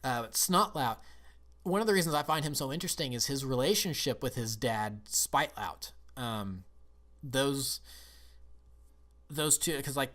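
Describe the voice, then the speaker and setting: A man's voice: mid-range voice, fairly bright tone. Eager, rambling male reviewer. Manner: eager, rambling, restarts sentences often. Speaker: film and TV reviewer. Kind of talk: casual review chat.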